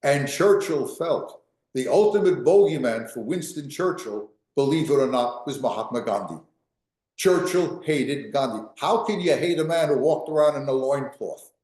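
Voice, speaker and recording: A man's voice: medium pitch, animated, normal speed, darkish tone, reverberant. A man, a history professor, giving an emphatic lecture and repeating key phrases for weight.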